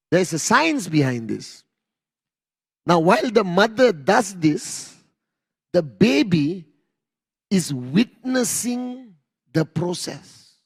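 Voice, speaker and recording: A man giving a motivational talk to an audience, telling animated stories, acting out scenes and asking the crowd questions. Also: sits high, slow, creaky, pauses often, slightly rough. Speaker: motivational speaker.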